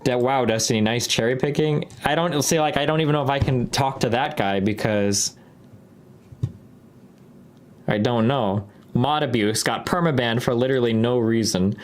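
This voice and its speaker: A young man streamer in a casual, rambling monologue, swearing often and restarting sentences as he talks fast. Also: medium pitch. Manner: fast, profane, rambling with many fillers and restarts.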